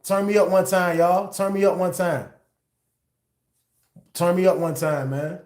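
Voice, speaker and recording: A man's voice: high voice, steady tone, unhurried, darkish tone, roomy sound. A man hosting a casual storytime livestream, retelling events in loose, slangy talk.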